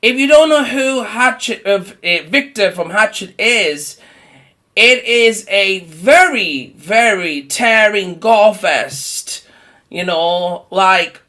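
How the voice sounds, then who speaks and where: A horror movie vlogger launches into a profane, rambling rant, his bright, forceful voice sitting high. Unhurried, he laughs often between points and mimics other people in mocking put-on voices.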